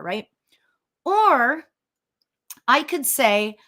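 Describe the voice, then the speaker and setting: A woman, a medium hosting a spiritual discussion show, chatting in a loud voice and talking quickly as she tells a story. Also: high-pitched, big pitch swings. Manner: loud, fast, storytelling with laughs. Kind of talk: casual chat.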